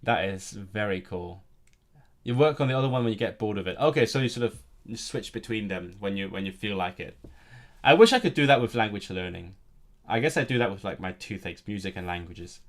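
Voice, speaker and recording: A man's voice: lowish voice, lively intonation, brisk. A man chatting casually on a live stream, rambling and restarting his sentences often. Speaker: language streamer.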